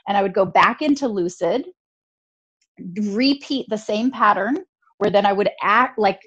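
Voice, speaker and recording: A woman guest on a podcast, telling a personal story in a lively, chatty way, full of "like" and quick laughs. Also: mid-range voice, breathy edge, lo-fi sound.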